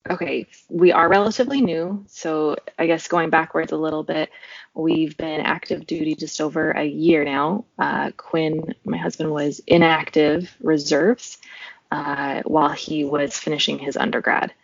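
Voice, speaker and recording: A woman's voice: low voice, fairly even intonation, unhurried, creaky, no room sound, lo-fi sound. A young woman from Oregon, a podcast guest telling her story in a casual, rambling way full of fillers. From Oregon, USA. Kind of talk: casual interview chat.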